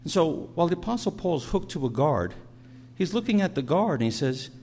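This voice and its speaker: A man's voice: a little high, big pitch swings, a little fast, few pauses, darkish tone, a little hiss or hum. A middle-aged man preaching a sermon, telling stories in a conversational way and often repeating words as he goes. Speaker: pastor.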